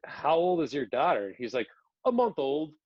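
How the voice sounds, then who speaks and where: A young comedian man chats loosely, full of "like" and cuss words, his voice jumping up in pitch when he gets animated. The recording is slightly dull and very dry, with no room around it. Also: moderate pace, no echo. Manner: filler-heavy, animated, profane. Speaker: comedian guest. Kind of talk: casual podcast chat.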